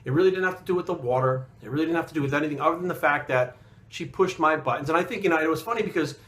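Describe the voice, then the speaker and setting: A man's voice: a little high, racing, a bit bright. A man telling a story in casual talk, blunt and profane, getting heated as he goes. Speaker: fitness coach and bodybuilder.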